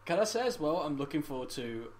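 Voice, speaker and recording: A young man co-hosting a casual podcast, excitable, laughing often and reacting quickly. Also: fairly high pitch. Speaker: podcast co-host. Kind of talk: casual chat.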